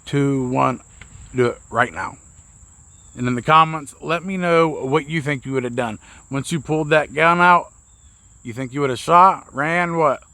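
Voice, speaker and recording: A man's voice: a little high, bright, forceful tone, no room sound. A man telling a rambling, profane, self-mocking story to camera as a vlogger, outdoors. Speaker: vlogger, mobile mechanic.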